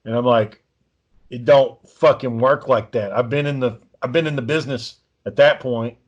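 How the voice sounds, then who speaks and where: Brief: guy, casual profane storyteller, ordinary pitch, slightly muffled lo-fi mic. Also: fairly even intonation, moderate pace. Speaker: podcast co-host. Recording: dull lo-fi recording.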